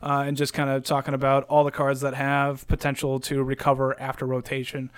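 A man cohosting a podcast in casual chat, sarcastic and quick to swear as he jokes with his partner. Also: medium pitch, monotone, clean tone, no echo, clean studio sound.

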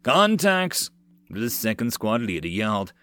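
A man narrating a web novel as an audiobook, steady storytelling. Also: mid-range voice, moderate pace, no room sound.

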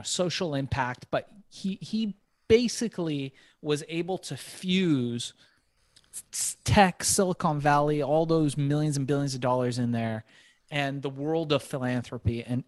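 A man telling a long animated story as a podcast guest, swearing freely and breaking into laughter. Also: on the high side, dry recording, studio quality. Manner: profane, animated, quick laughs.

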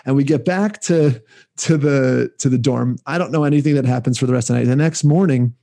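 A man's voice: mid-range voice, fairly quick, gravelly, mellow. A man co-hosting a casual podcast, telling rambling, self-reflective stories. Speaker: podcast co-host. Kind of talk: casual chat.

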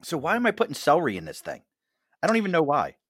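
A man's voice: a little high, huge pitch swings, fast talker, a bit bright, breathy edge, no echo. A middle-aged man with a Mid-Atlantic accent, hosting a casual chat at a bar, jokey and chatty with frequent laughs. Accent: Mid-Atlantic American. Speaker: host.

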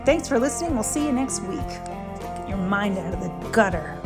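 A woman's voice: medium pitch, expressive, fairly quick. A woman hosting a comedy show, chatting casually with rambling, self-deprecating asides. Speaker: podcast host and voice actor. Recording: music playing behind.

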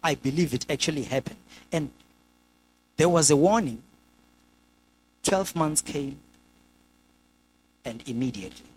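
Lively male preacher. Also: measured pace, long pauses, a little hiss or hum, rough recording. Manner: lively, acts out scripture characters with sudden pitch jumps. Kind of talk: sermon.

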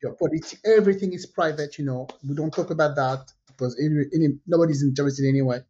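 A woman with a French accent, a native French speaker, telling animated stories in a casual podcast chat and acting out the voices of the people in them. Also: low-pitched, fast talker, muffled recording, slight background noise. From France. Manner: animated, acts out quoted voices, repeats herself. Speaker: podcast co-host. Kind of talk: casual conversational storytelling.

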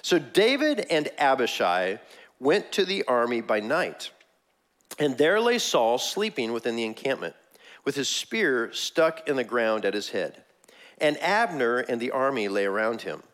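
Animated male pastor with a lively voice. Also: medium pitch, unhurried. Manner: animated storytelling, laughs often, acts out quotes. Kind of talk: sermon.

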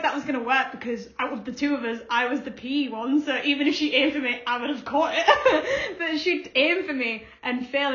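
A young woman co-hosting a podcast, telling a school story in an animated way and laughing often. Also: sits high. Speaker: podcast co-host. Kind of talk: casual chat. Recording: echoey room, slightly dull sound.

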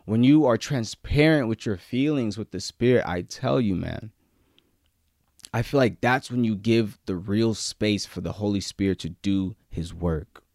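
A man preaching a sermon, moving between loud, emphatic peaks and quiet, low-key stretches, with casual slang mixed in. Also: measured pace, no room sound, studio quality.

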